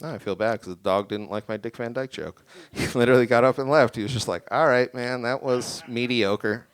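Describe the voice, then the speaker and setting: A young man doing a stand-up set in a small venue, rambling and deadpan, a bit tipsy. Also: medium pitch, fast, clear, resonant tone, no echo. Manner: deadpan, rambling, self-deprecating. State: tipsy from drinking. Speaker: stand-up comic. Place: small creative community venue with live audience.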